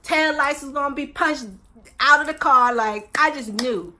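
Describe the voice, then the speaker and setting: A woman's voice: high voice, moderate pace, sharp tone. A woman in her twenties telling a storytime vlog in a casual, slangy way, acting out both sides of each conversation. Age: 20s. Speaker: vlogger.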